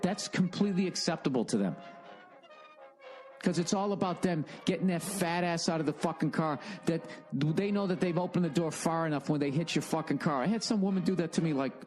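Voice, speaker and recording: A man's voice: on the high side, darkish tone. A man in his forties telling a story in a casual monologue, ranting and swearing in exasperation. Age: 40s. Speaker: podcast host.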